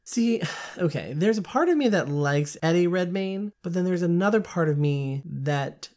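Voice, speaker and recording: A woman in casual chat, co-hosting an audiobook review, playful and animated. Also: fairly low pitch, normal speed. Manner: chatty, playful and animated, laughs often. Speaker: podcast co-host reviewing an audiobook.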